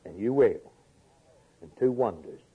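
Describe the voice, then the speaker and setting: A man preaching a sermon, repeating phrases and swinging from emphatic peaks to quiet low lines. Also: expressive, unhurried, slightly rough. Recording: tinny phone-like lo-fi recording.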